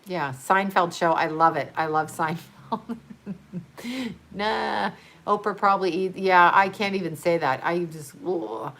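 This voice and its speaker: A lowish, slightly bright female voice comes through at a measured pace. She hosts a livestream and reads chat aloud, rambling casually and often laughing as she responds to viewers.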